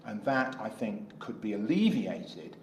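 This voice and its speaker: A man's voice: fairly low pitch, big pitch swings, a little slow, vocal fry, roomy sound, slight background noise, low-quality recording. A middle-aged man with an English accent, an independent election candidate answering interview questions in a rambling way, acting out dialogue as he tells stories. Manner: rambling, acts out dialogue in anecdotes.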